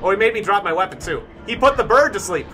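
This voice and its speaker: A man live-streaming a survival game, talking through his moves as he plays, now and then breaking into shouts. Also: sits high, quick pace, faint music behind. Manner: animated, thinking aloud, bursts of shouting. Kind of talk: live-stream gameplay commentary.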